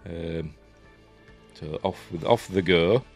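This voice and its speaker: A man's voice: low-pitched, slow pace, a little mellow, faint music behind. A man with a Yorkshire accent reviewing a TV episode in a casual, rambling way, full of fillers and restarts. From Yorkshire, England.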